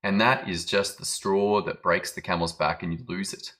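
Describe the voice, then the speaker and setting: Low, bright-voiced male business coach. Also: fairly even intonation, normal speed, hardly any pauses. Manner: dramatic storytelling, acts out quoted lines. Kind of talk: motivational talk to camera.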